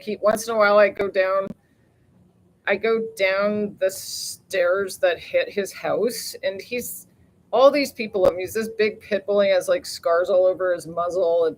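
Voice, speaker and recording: A woman's voice: medium pitch, poor audio. A woman hosting a rambling casual live chat outdoors near the ocean on a phone, talkative, laughing often and swearing lightly. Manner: chatty and rambling, mild swearing, frequent laughs. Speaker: live-stream host.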